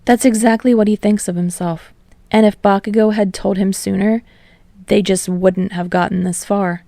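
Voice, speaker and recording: A woman narrating fan fiction aloud, steady and slowing on emotional passages. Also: medium pitch, vocal fry, no room sound, clean studio sound. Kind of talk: audiobook narration.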